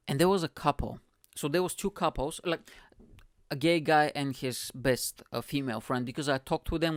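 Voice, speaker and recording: A young man with an Eastern European accent, hosting a podcast and telling a story in a casual, animated way, swearing freely and acting out what people said. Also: medium pitch, dry recording, studio quality. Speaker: podcast host.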